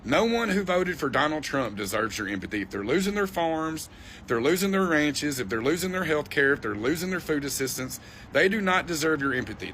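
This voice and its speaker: A man hosting a reaction video, swearing and scoffing as he rants about the news. His voice is bright and forceful, with a faint hiss of noise underneath. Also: a little high. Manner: profane, scornful, ranting. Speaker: political commentary host. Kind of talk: reaction commentary.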